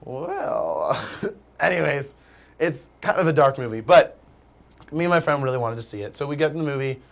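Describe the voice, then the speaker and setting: A young man telling a long story as a guest in a casual chat, animated and rambling, with "like" in nearly every phrase. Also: mid-range voice, normal speed, gravelly.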